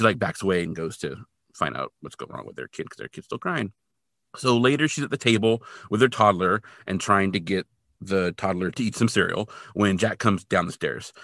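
A man's voice: sits low, fairly bright tone, dry recording, clean studio sound. A man co-hosting a podcast, retelling a TV episode in a loose, casual way with lots of filler words. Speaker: podcast co-host.

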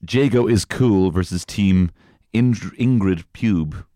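A man's voice: on the low side, takes it slowly, warm tone, no room sound, clean studio sound. A man co-hosting a podcast, bantering and swearing as he keeps score in a card game. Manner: swearing, joking, teasing. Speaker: podcast co-host. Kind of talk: casual banter.

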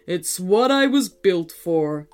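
A woman reading a children's story, voicing a lonely, gruff robot dinosaur that speaks slowly and loudly. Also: animated. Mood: sad. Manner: slow, loud, booming.

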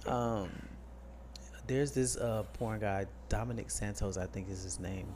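A man's voice: on the low side, a little slow, a little mellow. Sassy young man venting, faint background noise. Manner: irritated, sassy storytelling. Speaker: podcast co-host. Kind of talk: casual podcast chat.

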